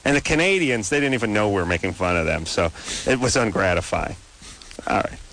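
A man hosting a late-night radio call-in show, riffing sarcastically and rambling through jokes with quick asides. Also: fairly low pitch, animated, a bit bright, a little hiss or hum, rough recording.

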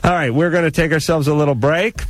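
Man ranting loudly on late-night radio. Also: fairly even intonation, fast talker, no room sound. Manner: loud, comic rants with big swings in pitch. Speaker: radio call-in show host. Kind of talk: casual radio banter. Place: radio studio. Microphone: studio microphone.

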